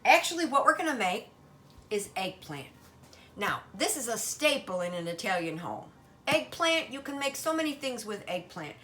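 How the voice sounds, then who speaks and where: A woman's voice: a little high, big pitch swings, normal speed, fairly bright tone. An older woman hosting a home cooking demonstration in her kitchen, talking in a chatty, folksy Italian-American grandmother way.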